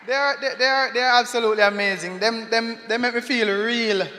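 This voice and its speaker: A man's voice: extremely high pitch, fairly even intonation, fairly quick, sharp tone, slight background noise. A Jamaican man hosting a gala from the stage, playful and laughing, slipping into patois for a comic poem, on a handheld mic in a large echoey hall. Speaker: event emcee. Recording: echoey hall with long reverb.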